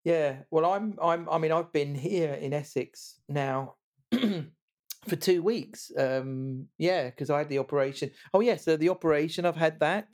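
A man's voice: on the high side, measured pace, a little mellow. A man hosting a casual podcast chat, joking, laughing often and restarting his words. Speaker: podcast host.

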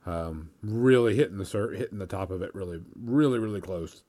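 A man narrating as game master in a tabletop role-play, relaxed, often chuckling and repeating words. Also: low-pitched, fairly quick.

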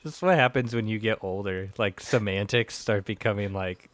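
Wry, low-voiced man on a podcast. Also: normal speed, a bit bright, no room sound. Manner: wry, jokey, laughs often. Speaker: podcast co-host. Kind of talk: casual chat.

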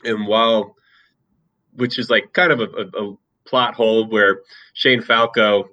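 A man with a low but bright, forceful voice talks about an old movie in a relaxed way, with plenty of fillers. The recording sounds a bit dull and lo-fi. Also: a little slow. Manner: relaxed and talkative, with many fillers. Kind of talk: casual chat.

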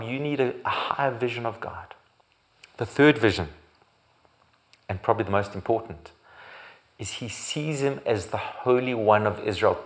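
A man's voice: mid-range voice, gravelly. Emphatic preacher, man. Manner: emphatic preaching, swelling louder on repeated phrases; occasional restarts and self-corrections. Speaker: pastor. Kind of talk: sermon.

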